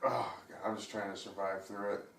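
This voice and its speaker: A man's voice: fairly low pitch, fairly even intonation, fairly quick, creaky, fairly bright tone. A man co-hosting a movie review, heckling with dry sarcasm. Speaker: co-host. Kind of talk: casual review chat. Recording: roomy room, distant mic.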